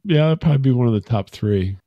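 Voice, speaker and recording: A man's voice: mid-range voice, expressive, quick pace, no echo, muffled recording. A man co-hosting a podcast in casual chat, playful and joking. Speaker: podcast co-host.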